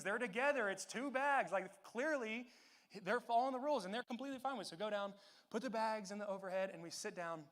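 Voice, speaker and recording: A young man, a youth pastor, telling a story in a sermon in an animated, casual way with many fillers. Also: high-pitched.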